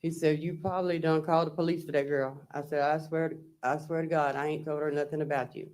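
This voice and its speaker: A man's voice: on the high side, flat delivery, quick pace, darkish tone. A man testifying as a trial witness, recounting text messages and quoting what was said. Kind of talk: courtroom testimony.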